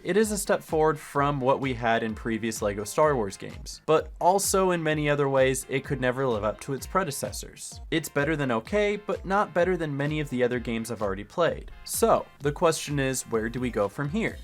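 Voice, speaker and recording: A man giving scripted video game retrospective commentary in a sarcastic, jokey way, breaking into loud exclamations. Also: medium pitch, expressive, fairly quick, hardly any pauses, faint music behind. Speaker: gaming YouTuber.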